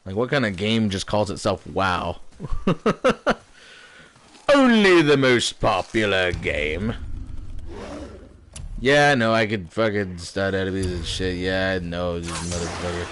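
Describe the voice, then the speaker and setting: A man's voice: low voice, animated, slow, pauses often, slight background noise. A young man giving casual, joking let's-play commentary, swearing freely and rambling as he plays. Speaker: gaming streamer. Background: loud game audio with music.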